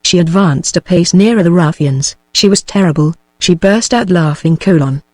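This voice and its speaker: A text-to-speech woman with a British English accent narrating a novel in an even machine reading, saying punctuation marks aloud. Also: on the low side, moderate pace, hardly any pauses, no room sound. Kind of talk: synthetic audiobook narration.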